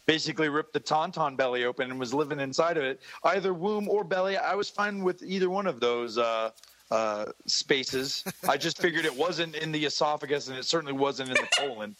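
A man's voice: on the high side, fairly quick, fairly bright tone, poor audio. A man joins as a guest co-host in a casual chat. He talks hesitantly, stopping and restarting his sentences often. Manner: hesitant, many restarts and fillers.

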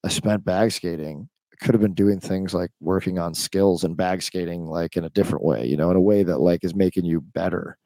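A man's voice: low voice, brisk, hardly any pauses, dark tone, dry recording. A man co-hosting a podcast, chatty, joking and opinionated in casual talk. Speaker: podcast co-host. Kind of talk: casual chat.

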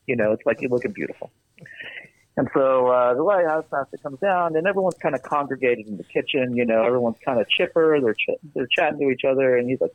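A man's voice: medium pitch, dry recording. A man telling a long shaggy-dog joke in a casual, meandering way, full of fillers and restarts. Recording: tinny phone-like radio sound.

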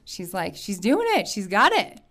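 A woman telling a personal story to an audience in an animated way, laughing often and acting out the voices of the people in it. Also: mid-range voice, unhurried. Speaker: storyteller at a live event.

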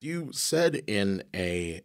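A man working as a radio interviewer, asking measured, conversational questions. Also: lowish voice, big pitch swings, gravelly.

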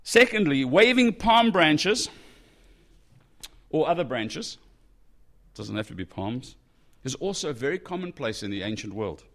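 A man preaching a sermon in a conversational, animated way, breaking into exclamations as he reads and explains a passage. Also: fairly high pitch, a little slow, long pauses. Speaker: pastor.

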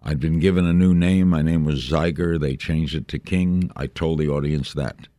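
A man in his eighties from New York, a veteran broadcaster telling stories in a brisk, rambling interview chat. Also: a bass voice, steady tone, warm tone, dry recording. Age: 80s. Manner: brisk, anecdotal, jumps between thoughts.

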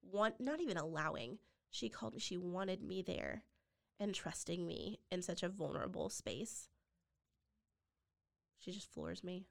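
A woman, a podcast guest and foster mother, telling a personal story with deep feeling and sometimes dropping to a near-whisper. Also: measured pace, creaky. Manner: heartfelt, drops to near-whispers when quoting others.

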